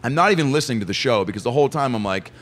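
Brief: a rapid-fire male comedian, self-mocking and animated, middle pitch. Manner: excitable and self-mocking, with quick laughs. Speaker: comedian and guest. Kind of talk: animated storytelling in casual chat.

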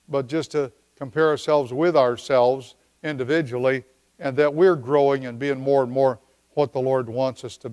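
Man preaching an unhurried sermon. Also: mid-range voice, a little mellow. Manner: unhurried, conversational preaching with pauses and slowed scripture reading. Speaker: pastor. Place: church service.

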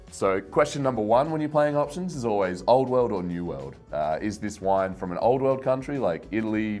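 Young aussie guy ranting about wine to camera, kinda low voice, gets all worked up, faint music behind. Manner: rambling, self-mocking, gets worked up. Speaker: wine channel host. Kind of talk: casual rant to camera.

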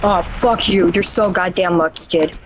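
A woman's voice: fairly low pitch, moderate pace, heavy background noise. A woman commenting on her own gameplay in a frustrated way, swearing often and complaining about her misses. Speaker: gamer. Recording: loud gunfire game audio behind voice.

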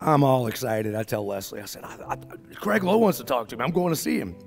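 A middle-aged man with a New Orleans accent tells his story in a folksy way and acts out each voice in the dialogue. His voice has a gravelly, fry-edged texture. Faint music plays under him. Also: mid-range voice, big pitch swings, fast talker. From New Orleans area, Louisiana. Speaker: speaker at a business summit. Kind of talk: storytelling talk.

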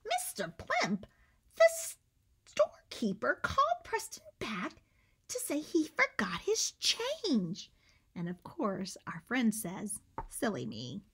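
A woman teacher reading a picture book aloud to children, animated, coaxing them to join in and dipping into whispers for suspense. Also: sits high, slow, slightly rough. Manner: coaxes listeners to join in.

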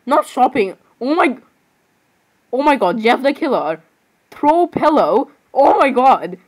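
A woman's voice: high voice, big pitch swings, takes it slowly, darkish tone, low-quality recording. Rambling, giggly young-sounding woman. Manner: rambling, keeps apologizing, giggly, says "literally" often. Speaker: vlogger. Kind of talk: casual screen-browsing commentary.

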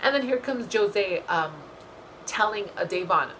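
A young woman vlogger recapping a reality show in a casual, gossipy way, blunt and full of swearing and animated asides. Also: medium pitch, measured pace, slight background noise, rough recording.

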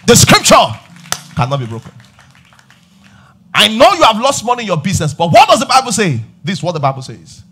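Emphatic Nigerian pastor, high lively voice. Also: male voice, fast talker, few pauses, slightly rough, a faint crowd. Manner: emphatic preaching, shouting and sing-song rises; repeats refrains and calls on the congregation. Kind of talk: sermon. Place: church service.

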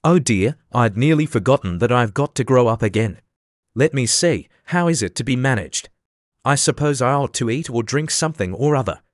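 A man's voice: medium pitch, expressive, normal speed, no room sound, studio quality, close to an everyday voice. Shy polite young girl, man reading her lines, storybook audiobook, mid voice. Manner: polite and earnest.

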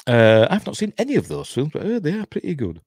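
A man's voice: a little high, wildly swooping pitch, quick pace, a little mellow, no room sound, studio quality. A middle-aged man with a Yorkshire accent, chatting casually through a film commentary, rambling and breaking off with chuckles. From Yorkshire, England. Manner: rambling, chuckling, self-interrupting. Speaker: host.

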